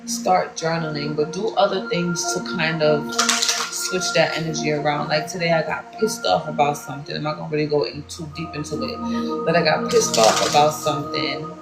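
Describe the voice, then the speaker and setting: A woman with a New York accent gives a laid-back spiritual card reading in loose, slangy talk, swearing as she goes. Her voice sits low and gravelly. She is heard in an echoey room with loud music playing behind her. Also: steady tone, moderate pace. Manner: loose and slangy, swears freely, calls viewers "baby". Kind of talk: casual spiritual reading to camera.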